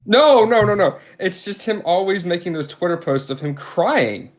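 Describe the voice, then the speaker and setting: A co-host in casual live-stream chat, joking and giggling with quick interjections. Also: medium pitch, lively intonation.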